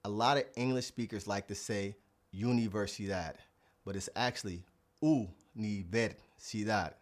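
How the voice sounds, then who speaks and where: A man narrating a language lesson, sounding out example words slowly and deliberately. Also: on the low side, steady tone. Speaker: Spanish teacher.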